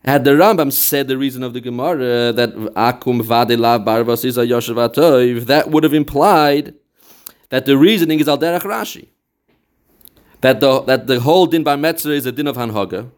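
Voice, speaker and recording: A Torah teacher with a mid-range male voice works through a Talmudic text step by step at a normal pace. He quotes passages in a study chant and mixes English with Yiddish and Hebrew terms.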